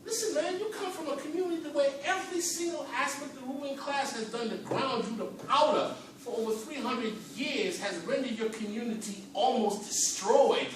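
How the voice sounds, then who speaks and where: A man's voice: very high-pitched, normal speed, few pauses, background noise. A man speaking on a conference panel, with fervent, preacher-like rhetorical questions and a rising and falling emphasis. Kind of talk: impassioned panel speech. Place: conference hall in a library. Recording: echoey hall from far off.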